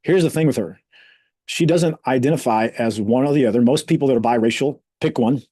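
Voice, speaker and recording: A man in a casual political podcast chat, his voice sitting at an ordinary middle pitch. He sounds heated and incredulous and leans hard on drawn-out words. The recording is dry and close, with no room around him. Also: dark tone, slightly rough, dry recording. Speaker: podcast co-host.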